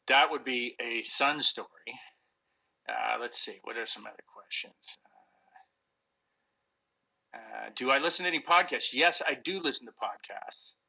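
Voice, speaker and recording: A middle-aged actor chatting casually on a phone live stream, answering fan questions with lots of ums and restarts. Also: male voice, medium pitch, gravelly, sharp tone, low-quality recording. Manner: rambling, many fillers and restarts.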